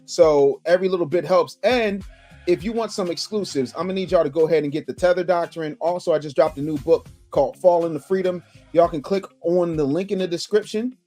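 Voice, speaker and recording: A man hosting a livestream, reacting to video clips in an animated, exclaiming way and teasing his chat. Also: on the high side, fairly quick, soft background music. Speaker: livestream host. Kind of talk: reaction commentary. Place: home streaming setup. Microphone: studio microphone.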